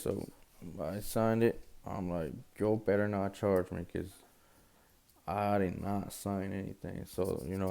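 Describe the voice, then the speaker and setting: A young man tells a personal story in a loose, slangy way. His voice sits low and dark with a gravelly edge, and his pitch stays fairly flat even as he acts out the quotes. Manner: casual, slangy retelling with quoted dialogue. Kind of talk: casual storytelling vlog.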